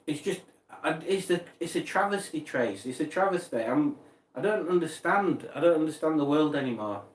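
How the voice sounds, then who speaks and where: Speaking at normal speed with an animated voice on the high side, a streamer goes through viewers' messages and rambles with feigned outrage. He's far from the mic in an echoey space.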